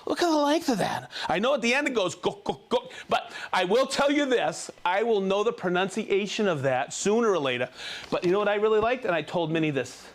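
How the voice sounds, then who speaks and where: A man's voice: high voice, very animated, fairly quick. A man hosting a live show, reading out viewers' names and hometowns in a jokey, upbeat way. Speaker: livestream host.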